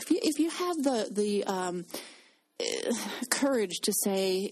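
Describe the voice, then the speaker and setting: A woman's voice: mid-range voice, animated, measured pace, darkish tone. A woman co-hosting a faith-based radio talk program. She talks in a loose, rambling way, full of fillers and false starts. The sound is a plain studio setup. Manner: chatty, many fillers and restarts. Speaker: radio co-host. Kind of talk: casual Christian radio talk.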